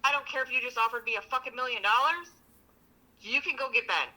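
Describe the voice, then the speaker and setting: A woman with a very bright, sharp-edged voice tells stories bluntly and swears constantly. She co-hosts a casual relationship podcast and acts out both sides of her conversations. The sound is a little lo-fi. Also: a little high, quick pace. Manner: blunt, profane, animated storytelling. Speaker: podcast co-host. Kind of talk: casual chat.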